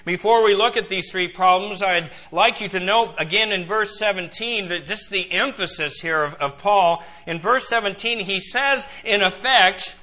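Bright, high-voiced man preaching. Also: poor audio. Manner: emphatic, asks the congregation direct questions; repeats words when pressing a point. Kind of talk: sermon.

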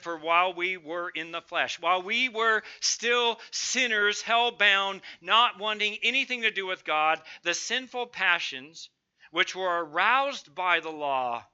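A man's voice: a little high, bright, forceful tone, clean tone, highs cut off. A middle-aged man preaching a sermon, emphatic and building lists of strong words. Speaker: pastor.

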